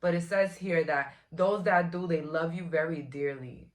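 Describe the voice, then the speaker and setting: A woman's voice: deep voice, normal speed. A woman, giving a casual, frank tarot reading to camera in a chatty, blunt way. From Brooklyn, New York. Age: 20s. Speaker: tarot reader.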